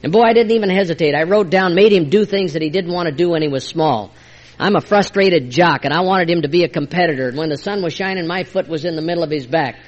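An older man sharing a heartfelt personal testimony at a recovery meeting, moving between hushed and emphatic delivery. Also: on the high side, fast talker, highs cut off. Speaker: speaker sharing his recovery story.

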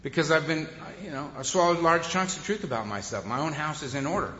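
A man shares his story at a recovery meeting, wry and conversational and often laughing. His voice is bright and a bit raised. It echoes through a hall with a long reverb, and the sound is dull. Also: fairly high pitch, fast talker, a little hiss or hum. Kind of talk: humorous personal storytelling.

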